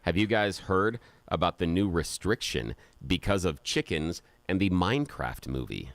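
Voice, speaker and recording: Deep-ish radio guy spinning a story, lots of laughs, super lively voice. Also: normal speed, no echo. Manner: animated storyteller, laughs often. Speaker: radio co-host. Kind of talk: casual talk radio banter. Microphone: studio microphone.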